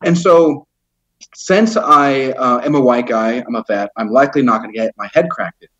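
A man's voice: medium pitch, moderate pace, a bit bright, muffled recording. Fired-up man telling a rambling story. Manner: heated, profane, rambling with many fillers. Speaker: interview guest. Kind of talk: casual storytelling.

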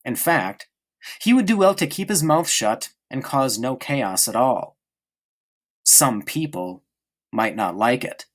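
Expressive male storybook narrator. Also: medium pitch. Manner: expressive, varied reading with slowed emphasis. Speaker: audiobook reader.

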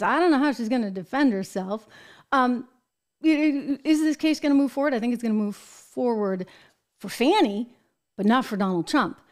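An American woman hosting a political commentary show, talking in an emphatic, animated way with exasperated asides. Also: fairly high pitch, moderate pace. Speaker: show host.

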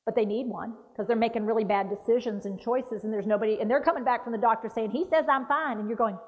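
A woman dementia care trainer giving a lively talk, acting out patient voices. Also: a little high, quick pace. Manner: animated, acts out patient voices. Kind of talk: lively training talk with role-play demonstrations. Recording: dull roomy hall recording.

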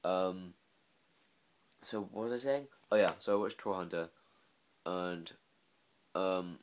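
A man's voice: low voice, takes it slowly. A tired man up late, talking in a rambling, filler-heavy, self-mocking way in a casual vlog. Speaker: vlogger.

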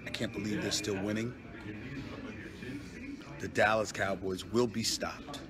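A man's voice: fairly low pitch, fairly even intonation, unhurried, fairly bright tone, faint music behind. A man talking sports in blunt, plainspoken statements.

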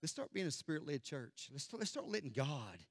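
Pastor, high tenor, dry close sound; preaches hard, then drops to a near-whisper for emphasis. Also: male voice, very animated, a little fast, no echo. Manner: impassioned preaching that swings from loud declarations to hushed near-whispers. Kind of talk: sermon. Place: church sanctuary.

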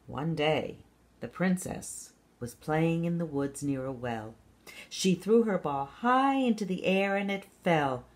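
A woman reading a fairy tale aloud for children, at a gentle, measured pace. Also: sits low, lively intonation. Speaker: storyteller.

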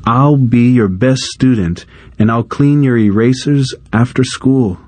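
A man's voice: medium pitch, measured pace, darkish tone, no echo, pitched above the performer's own voice, natural voice. A man reading as a flustered seventh-grade boy. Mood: pleading. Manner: mumbling, uncertain, then pleading. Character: nervous seventh-grade boy bluffing fake French.

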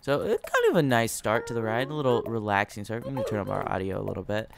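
A young man commenting on a game as he rides through it, excitable and rambling, often tripping over his words. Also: fairly low pitch, fast, vocal fry. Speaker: gaming video creator.

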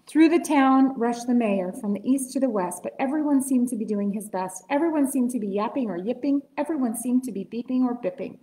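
A woman reads a rhyming picture book aloud for story time, playful and animated. Her voice sits a little high and rings in an echoey library room. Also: a little fast, few pauses.

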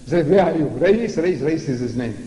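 Brisk and warm, with lively intonation and a fairly high pitch, an older South African man mocks religion in a theatrical public lecture. He repeats words for effect, and the large hall gives the recording long reverb and faint noise.

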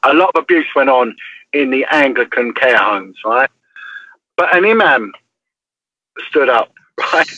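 A man's voice: mid-range voice, lively intonation, measured pace, long pauses, pushed and bright, no echo, low-quality recording. An English man, a former police detective, telling a story as an interview guest in an emphatic way, often checking in with "right?".

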